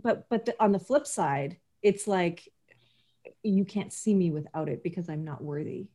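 A woman's voice: fairly low pitch, normal speed, dark tone. A woman in her forties hosting a podcast interview, chatty and self-deprecating, with many fillers and restarts. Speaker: podcast host. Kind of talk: casual interview chat.

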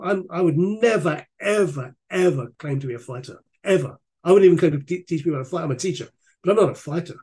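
A middle-aged man, a guest expert on a podcast, talking in an animated storytelling way and repeating words for emphasis. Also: on the high side, breathy edge. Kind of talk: podcast interview conversation.

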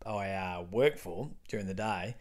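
A man's voice: on the low side, a little slow. Australian man telling a rambling story. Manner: rambling, animated anecdote with restarts. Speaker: comedian guest. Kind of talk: casual storytelling chat.

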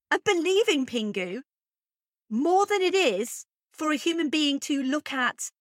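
High-voiced chatty woman, dry sound. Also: fairly bright tone, dry recording. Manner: chatty, thinks aloud with many fillers. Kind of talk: casual chat.

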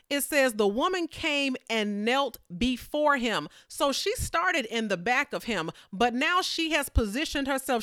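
A woman preaching a sermon in a conversational, animated way, acting out the people in the story with playful voices. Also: high-pitched, clean tone, dry recording, studio quality.

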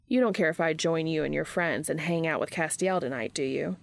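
A woman's voice: deep voice, brisk, creaky, no echo. A woman voicing a cocky, smirking young man who speaks with easy, drawling confidence. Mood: easygoing.

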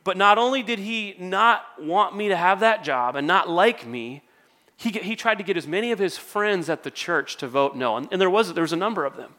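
A male worship pastor with a high, bright, forceful voice preaches a sermon to his congregation at a moderate pace and with lively intonation. His style is conversational and story-driven, laced with self-deprecating humor.

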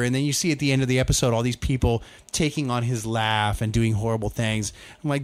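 A man's voice: medium pitch, expressive, a little fast. A man co-hosting a casual chat, ranting about TV shows with lots of profanity and exasperation. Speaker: podcast co-host.

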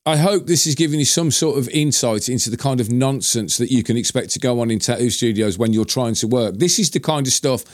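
Man, podcast host, jokey rambling banter, mid-pitched voice, dry studio sound. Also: a little fast, hardly any pauses, no echo. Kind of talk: casual banter. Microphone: headphones and studio mic.

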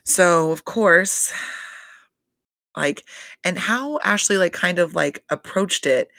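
A man's voice: high-pitched, slow pace, vocal fry, pushed and bright, dry recording, clean studio sound. A man giving a casual, profane recap of a reality show, rambling with constant fillers and swearing. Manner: rambling, heavy "like" fillers, frequent swearing and laughter.

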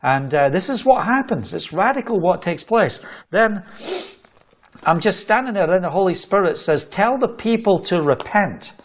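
A Scottish man from Scotland, a travelling preacher, telling a testimony with animated storytelling, laughing between phrases. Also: sits high, normal speed.

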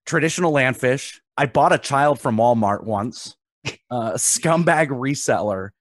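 A man's voice: medium pitch, a little slow, no room sound, clean studio sound. Jokey man hosting a podcast. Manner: jokey, laughs often, animated storytelling. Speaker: podcast host. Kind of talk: casual chat.

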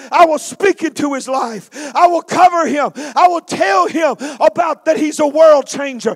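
A man preacher voicing a devoted mother who fervently vows her son to God, loud and pleading. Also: extremely high pitch, pitched above the performer's own voice.

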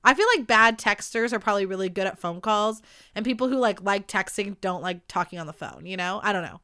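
Bright, crisp-voiced woman podcast host. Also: medium pitch, a little fast, no room sound, studio quality. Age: late 20s. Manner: candid, rambling, swears freely. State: throat irritated by allergies. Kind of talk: casual solo podcast chat.

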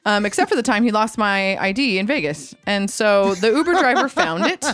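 A woman hosting a casual chat show, telling stories lively and acting out phone conversations. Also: normal speed, no room sound, soft background music. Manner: animated storytelling, acting out phone calls with bright high voices. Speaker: podcast host.

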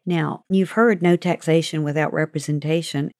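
A woman talks through a history point in a friendly, teacherly way. Her voice is a little low for a woman, and the recording is dry and close. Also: steady tone, normal speed, a little mellow, dry recording. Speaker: author and show regular. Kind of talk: casual explainer.

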